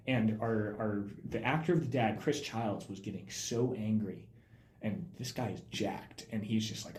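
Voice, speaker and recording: Animated young man in a roomy room. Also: fairly low pitch, normal speed. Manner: animated storyteller, gets loud when excited. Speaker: film student director, guest. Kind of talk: casual podcast chat. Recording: roomy echo.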